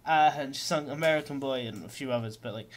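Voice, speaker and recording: A man's voice: medium pitch, quick pace. A man with a Scottish accent talking casually in a diary vlog, rambling with lots of fillers and swearing, mocking himself. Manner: self-mocking with chuckles. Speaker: vlogger.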